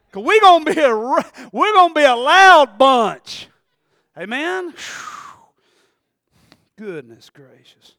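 A male pastor preaching a sermon in an animated style. He calls for amens, shouts, then drops to a quiet, intimate tone. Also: very high-pitched, unhurried, vocal fry, dry recording, clean studio sound.

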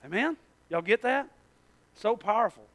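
Very high-voiced, bright male preacher. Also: normal speed. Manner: animated storytelling, swinging from shouts to hushed tones; folksy, addresses the congregation directly. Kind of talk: sermon.

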